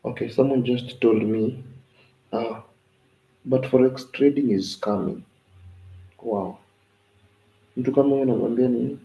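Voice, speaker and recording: A young Kenyan forex analyst, tired and with his voice giving out, talks loosely through forex charts on a live stream, dropping in Swahili phrases. His mid-range voice is creaky and fairly even, a bit slow with frequent pauses, and the audio sounds dull.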